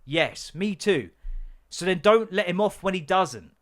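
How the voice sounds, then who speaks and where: A man hosts his own podcast as a fed-up father. His voice sits a little above the usual male pitch. He talks bluntly, swears freely and pushes every point hard. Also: expressive, measured pace. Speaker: podcast host. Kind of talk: comedic parenting rant.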